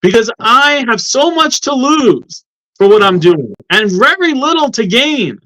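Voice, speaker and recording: A man's voice: very high voice, big pitch swings, measured pace, bright, forceful tone, rough recording. Impassioned indignant man on a show. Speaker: guest, law professor. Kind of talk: heated talk-show discussion.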